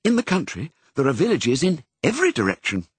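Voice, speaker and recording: A man voicing a calm, kindly mother Dalmatian in a storybook, speaking brightly and reassuringly. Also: fairly high pitch, normal speed, slightly rough, no room sound, pitched above the performer's own voice, full character voice.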